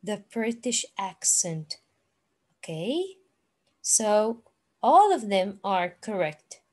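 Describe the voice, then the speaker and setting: A woman teaching an English lesson, speaking slowly and repeating words for learners. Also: mid-range voice, big pitch swings. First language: Arabic. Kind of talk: online classroom lesson.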